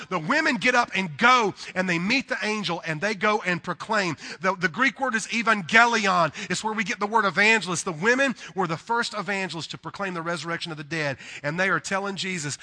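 A man with a Southern American accent from the Deep South, preaching a sermon with dramatic swings from hushed to loud. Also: brisk, few pauses. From Deep South, USA. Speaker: pastor. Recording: reverberant hall.

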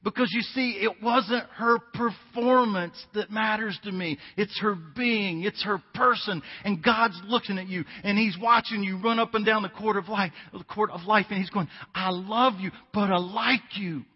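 Husky high-voiced pastor in his fifties. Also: moderate pace, hardly any pauses, big-room sound, muffled recording. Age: 50s. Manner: conversational storytelling with emphatic repetition. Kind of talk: sermon.

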